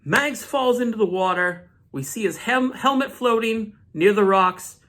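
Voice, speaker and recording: Hosting his comic book channel, this man walks through an issue with lively, easygoing storytelling broken up by tangential rants. He speaks a little slowly, and his voice sits high.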